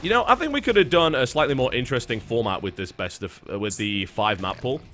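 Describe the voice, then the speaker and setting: Bright-voiced esports caster, wry. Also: male voice, mid-range voice, expressive, fast talker. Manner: wry, talkative play-by-play. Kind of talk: live game commentary.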